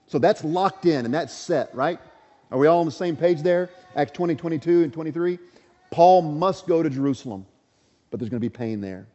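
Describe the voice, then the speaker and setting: A man's voice: on the high side, animated, brisk, dark tone, long reverb tail, highs cut off. A man delivering a sermon as pastor, earnest and emphatic, addressing the congregation directly.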